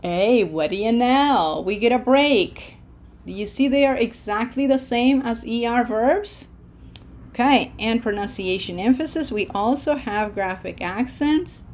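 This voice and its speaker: Slow, patient woman teaching a language. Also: a little high, darkish tone. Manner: slow, deliberate, stretches vowels when modeling words; patient, checks in with "okay?". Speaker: Spanish teacher. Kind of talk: language lesson over slides.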